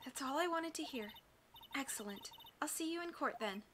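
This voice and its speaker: A woman voicing a calm, composed female attorney who speaks softly and in a measured way. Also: sits high, noisy background.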